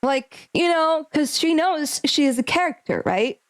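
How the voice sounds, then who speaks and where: A young woman with a slightly high voice reads visual novel text aloud during a stream. Between lines she chats and speculates, thinking out loud in a casual way. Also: expressive, measured pace, poor audio. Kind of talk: reading game text aloud and casual commentary.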